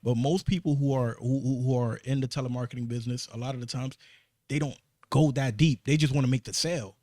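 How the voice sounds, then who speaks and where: Fast-talking New York man, dry studio sound. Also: mid-range voice, fairly even intonation, warm tone, dry recording. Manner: fast, emphatic storytelling with repeated restarts. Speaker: podcast co-host. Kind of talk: casual podcast chat. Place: podcast studio.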